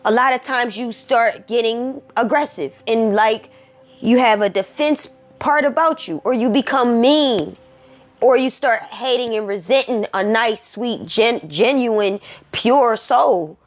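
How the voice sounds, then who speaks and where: Woman, emotional commentary, preachy, repetitive, drawn-out delivery, high-ish voice. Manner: emotional, preachy, repeats herself. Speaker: commentary vlogger.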